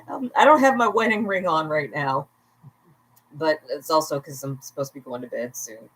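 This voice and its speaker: A woman's voice: sits low, animated, moderate pace, long pauses, rough recording. A tipsy woman at home at bedtime, hosting a casual livestream where she rambles, laughs often and makes chatty asides to her viewers. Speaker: vlogger, livestream host.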